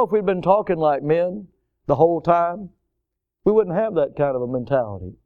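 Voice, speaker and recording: A man's voice: on the high side, expressive, normal speed, dull audio. A man preaching a sermon, emphatic, repeating words and phrases for stress.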